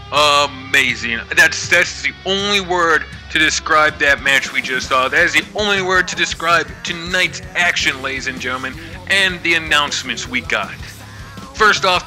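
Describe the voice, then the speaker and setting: A man doing excited play-by-play wrestling commentary as host of his channel, building up to shouts at the big moments. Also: a little high.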